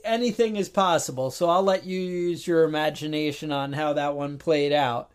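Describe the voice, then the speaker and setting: A man's voice: fairly high pitch, steady tone, moderate pace, clear, resonant tone. A man co-hosting a podcast in casual chat, telling a long story with exasperated asides and acted-out phone calls. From New York. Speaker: podcast co-host.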